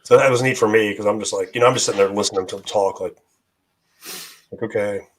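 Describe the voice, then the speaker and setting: Guest, male, lowish pitch, hoarse and fading, rambling delivery. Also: fairly even intonation, fast talker. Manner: rambling with many fillers and restarts. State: losing his voice. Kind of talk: casual chat.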